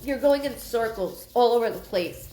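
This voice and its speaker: A woman's voice: a little high, animated, normal speed, mellow, roomy sound. A woman giving a live psychic reading, rambling and repeating herself with many ums. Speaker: psychic medium.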